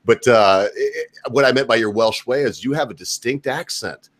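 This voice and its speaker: A man's voice: medium pitch, moderate pace, fairly bright tone. An American man hosting a live stream, chatting casually with a guest. He rambles, swears freely and jokes as he goes. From United States. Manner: rambling, profane, jokey banter.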